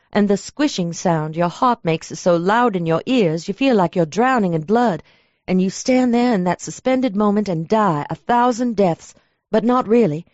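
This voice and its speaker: A woman narrating a first-person audiobook in a lively, chatty storytelling manner. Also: mid-range voice, no room sound. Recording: dull lo-fi dry recording.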